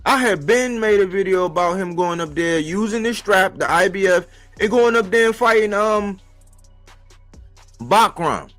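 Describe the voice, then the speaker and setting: Animated man ranting about boxing. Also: high-pitched, moderate pace, faint music behind. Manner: animated, rhetorical, slangy, repeats phrases. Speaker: boxing commentator. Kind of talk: casual boxing talk monologue. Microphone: live-stream mic.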